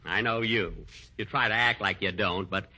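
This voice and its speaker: A middle-aged man hosting a 1940s radio comedy, playing a vain, easily exasperated version of himself with sharp comic timing. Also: lowish voice, fairly even intonation, moderate pace. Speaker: comedian host. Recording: noisy 1940s radio broadcast.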